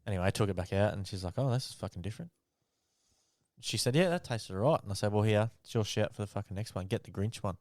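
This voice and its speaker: A man's voice: on the low side, quick pace, a little mellow, no echo, clean studio sound. A man with an Australian accent, co-hosting a podcast and telling a story in a laid-back way, swearing freely. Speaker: podcast co-host. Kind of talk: casual storytelling chat.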